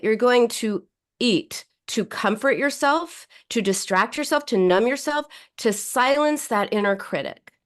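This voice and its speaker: A woman psychoanalyst, medium in pitch, appears as a podcast guest, explaining her ideas and performing quoted bits of self-talk.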